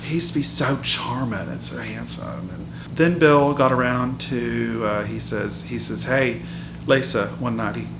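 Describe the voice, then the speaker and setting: A man's voice: mid-range voice, measured pace, lightly acted. A man playing a brash 66-year-old woman who lives in a hotel, telling her life story in a meandering mockumentary interview full of fillers and restarts. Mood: rambling. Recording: echoey room with loud music underneath.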